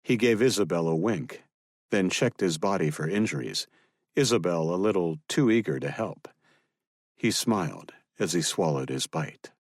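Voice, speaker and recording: A man narrating a thriller audiobook in a steady, even storytelling manner. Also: deep voice, normal speed, dry recording, studio quality.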